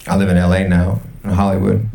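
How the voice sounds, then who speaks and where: A young man doing an energetic, absurd stand-up set in a comedy club, slipping into put-on voices for the people he quotes. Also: low-pitched, quick pace, vocal fry. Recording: live club set with a laughing crowd.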